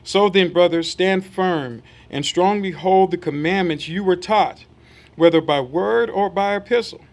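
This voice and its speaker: A high-voiced man delivers a sermon at a slightly slow pace. After reading scripture aloud, he poses rhetorical questions to the congregation and acts out small quoted voices to drive his point home.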